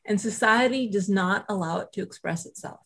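A middle-aged woman, a guest author, telling a personal story in animated, self-deprecating conversation, acting out quotes. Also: medium pitch, fairly quick, breathy edge.

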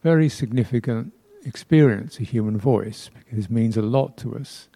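A man giving a dharma talk as a Buddhist teacher, reflective and unhurried, pausing often with soft laughs and playful imitations of speech sounds. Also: medium pitch, gravelly, breathy edge. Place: temple hall.

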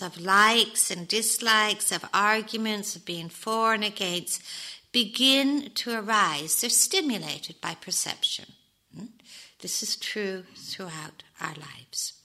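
A woman meditation teacher giving a gentle, reflective dharma talk, with soft whispered asides. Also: mid-range voice, poor audio.

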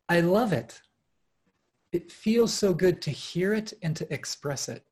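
A man with a husky, slightly breathy voice that sits a little high for a man gives a heartfelt talk at a meditation retreat. He speaks with lively warmth and enthusiasm, often restarting his phrases and breaking into soft laughter. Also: a little slow. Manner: earnest and animated, with frequent restarts and soft laughs. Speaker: meditation teacher. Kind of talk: dharma talk at an online retreat. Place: home, over a video call.

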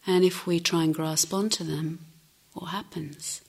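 A middle-aged woman meditation teacher giving a gentle, reflective dharma talk with unhurried pauses. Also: fairly low pitch, fairly even intonation, vocal fry, breathy edge.

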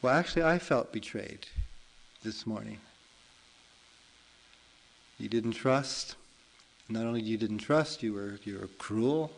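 A man voicing a big, forgiving ox in a told folk tale, speaking calmly and coolly. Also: on the low side, slow pace, gravelly, long pauses, full character voice, low-quality recording. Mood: calm reproach. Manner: calm, cool, gently reproachful. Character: calm wise male ox, big and forgiving.

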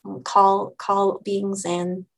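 Gentle gravelly-voiced woman meditation teacher. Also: mid-range voice, completely flat delivery, poor audio. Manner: gentle, unhurried, with frequent restarts and pauses. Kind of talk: dharma talk.

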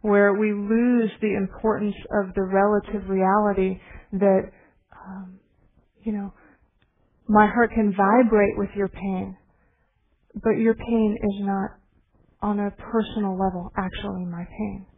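A middle-aged woman meditation teacher giving a gentle, reflective dharma talk with pauses. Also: medium pitch, little pitch movement. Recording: tinny phone-like recording.

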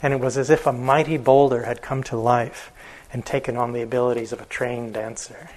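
A male meditation teacher telling a story in a dharma talk, relaxed, with fillers and chuckles. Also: mid-range voice, a little fast, low-quality recording.

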